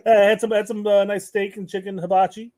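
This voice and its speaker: A man's voice: high voice, little pitch movement, fairly quick, warm tone. A man co-hosting a casual podcast, dropping dry, short wisecracks. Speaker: podcast co-host. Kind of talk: casual chat.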